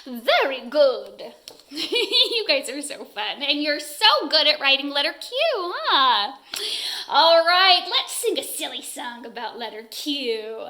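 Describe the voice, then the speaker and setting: A woman's voice: sits high, very animated, takes it slowly, sharp tone. A woman teaching preschoolers who reads a picture book aloud in a playful, giggly way and keeps asking the children questions.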